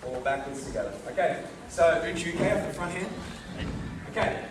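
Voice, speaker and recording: A karate instructor teaching a class, drilling the students with call-and-response and calling out counts with energy. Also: male voice, fairly high pitch, lively intonation, moderate pace. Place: large training hall. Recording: echoey hall from far off, noisy.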